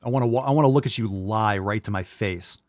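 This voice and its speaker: On a live podcast, a male host rants bluntly and profanely, mocking his listeners' excuses with put-on impressions. His voice is low-ish and darkish in tone, he talks fast, and the studio-quality recording has no room sound.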